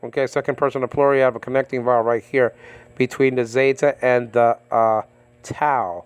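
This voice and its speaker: A man works through a biblical Greek lesson in a casual, halting way, pausing on fillers and tossing in "okay?" as he goes. His voice is smooth and clear, recorded up close in a dry, dead space. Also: mid-range voice, steady tone, no room sound. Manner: halting, many fillers and repeated okays. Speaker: Bible teacher. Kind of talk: informal verse-by-verse language lesson.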